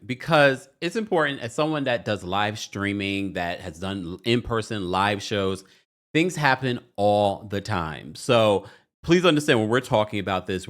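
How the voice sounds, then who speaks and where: A man's voice: lowish voice, fairly bright tone. A man hosting a pop culture news channel, talking through entertainment stories with emphatic commentary.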